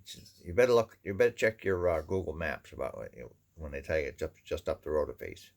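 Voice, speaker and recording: A man with a Maine accent talks in a rambling, folksy way, padding his sentences with "you know". His voice sits very low and has a heavy gravelly fry. He sounds like he is chatting to a camera on a lazy afternoon. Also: big pitch swings, quick pace. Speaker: vlogger. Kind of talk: casual folksy monologue.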